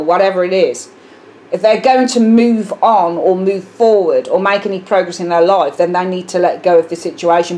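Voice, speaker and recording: A woman's voice: medium pitch, a little mellow, a little hiss or hum. A woman with a British accent giving a casual tarot reading to camera, musing aloud and often repeating herself with fillers. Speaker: tarot reader.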